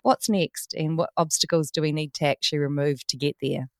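A woman's voice: low-pitched, steady tone, fairly quick, no echo, studio quality. A woman hosting an interview, asking friendly questions and laughing often. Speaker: podcast host.

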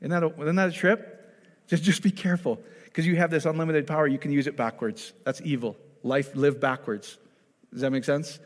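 Animated preacher man in a reverberant hall. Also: on the high side, brisk. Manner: animated, keeps checking in with the audience. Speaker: pastor. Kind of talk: conversational sermon to a congregation.

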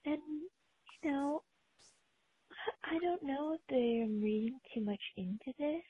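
A woman caller leaving a recorded question, talking slowly in a sultry, drawn-out way. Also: high-pitched, animated, no room sound. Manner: slow, breathy, sultry delivery with drawn-out pauses. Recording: tinny phone-line recording.

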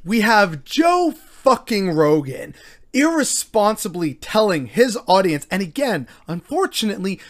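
Angry, profane commentator. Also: mid-range voice. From Canada. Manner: angry, sarcastic, heavily profane. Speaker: news commentator. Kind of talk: ranting news commentary.

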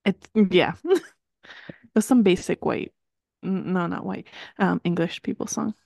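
An enthusiastic young woman co-hosting a casual podcast, quick to laugh. Her voice sits a little low for a woman. The recording is close and dry. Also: vocal fry, darkish tone, no room sound. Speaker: podcast co-host. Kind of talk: casual chat.

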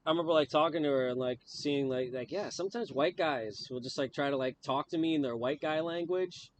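Rambling man, slightly higher voice. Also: a little fast, slight background noise. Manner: rambling, heavy with "like" fillers, laughs often. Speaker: podcast host. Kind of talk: casual chat.

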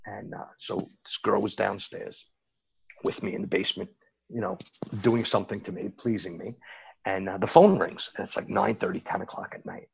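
A man's voice: lowish voice, normal speed, creaky, slightly rough, highs cut off. A man telling stories as an interview guest, rambling casually with many restarts and asides. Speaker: interview guest recounting his bookmaking days. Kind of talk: casual storytelling.

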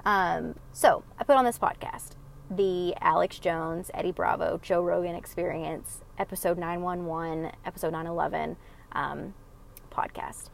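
A woman's voice: on the low side, fairly even intonation, measured pace, gravelly, a little hiss or hum. A woman telling viewers a rambling personal story in casual chat, with lots of fillers and restarts. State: emotional, choking up. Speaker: podcast listener sharing a story.

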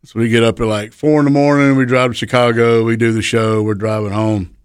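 A man's voice: mid-range voice, little pitch movement, brisk, clear, resonant tone, no room sound, clean studio sound. A man, a wrestler telling profane road stories on a podcast and laughing as he goes. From Chattanooga area, Tennessee. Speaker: professional wrestler guest. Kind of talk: casual podcast storytelling.

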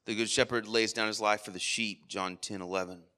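Bright-voiced male pastor preaching. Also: lowish voice, steady tone, a little fast. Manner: earnest preaching with frequent asides and rhetorical 'right?'. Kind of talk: sermon. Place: church worship service.

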